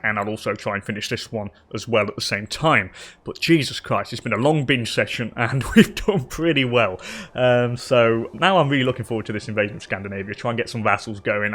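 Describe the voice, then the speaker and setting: A man's voice: mid-range voice, bright, forceful tone. Rambling, chatty male gaming host. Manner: chatty, rambling, swears casually, talks to game characters. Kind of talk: casual let's-play commentary.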